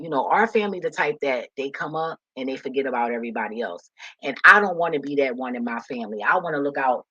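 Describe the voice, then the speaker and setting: A woman's voice: rumbling low, pushed and bright, slightly rough. A woman giving a passionate, emotional and rambling casual monologue to her viewers. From Philadelphia. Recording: dull lo-fi recording.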